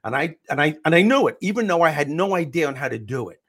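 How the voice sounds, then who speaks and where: A middle-aged man, a comedian and motivational speaker, telling animated stories as an interview guest. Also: fairly high pitch, fast, husky. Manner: animated storyteller, acts out quotes. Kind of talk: storytelling interview answer.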